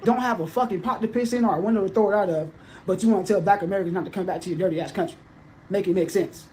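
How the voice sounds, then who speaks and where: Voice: medium pitch, racing, darkish tone, slight background noise. A speaker in a played clip delivering an angry, insulting, profane casual rant.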